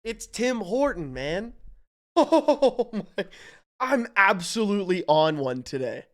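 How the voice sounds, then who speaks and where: A wired-up male streamer from Canada with a high, smooth voice. He talks his guesses through out loud, jumping between hype and confusion, and swears freely as he goes. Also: expressive, measured pace. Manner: hyped, profane, thinks aloud while guessing. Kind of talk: casual live-stream commentary.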